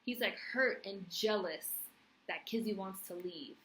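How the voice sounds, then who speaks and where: A woman's voice: medium pitch, a little slow, a bit bright, slight background noise, low-quality recording. A young woman recapping a TV series on her vlog, passionate and blunt, swearing freely. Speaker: TV review vlogger. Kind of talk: casual recap and commentary.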